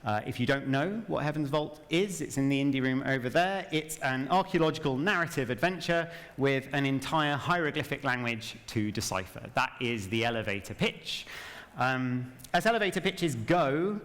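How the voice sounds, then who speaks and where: A man's voice: medium pitch, expressive, normal speed, fairly bright tone. Chatty self-mocking man speaking in a hall. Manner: chatty, self-deprecating, wry asides. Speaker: game narrative director giving a talk. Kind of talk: conference talk without notes. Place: large event hall. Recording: long hall reverb.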